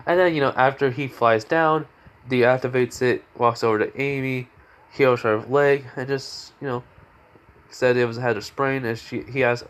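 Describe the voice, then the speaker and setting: A man's voice: medium pitch, fairly even intonation, normal speed, clean tone. A young man casually telling a fan story off the cuff, rambling with lots of fillers and self-corrections. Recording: faint background noise.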